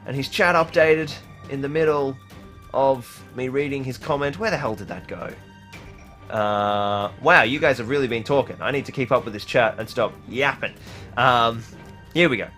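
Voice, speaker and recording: A man's voice: mid-range voice, moderate pace, fairly bright tone, soft background music. A young man from Australia hosting a casual livestream, reading out chat with lots of fillers and laughter. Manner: rambling, laughs often, many fillers.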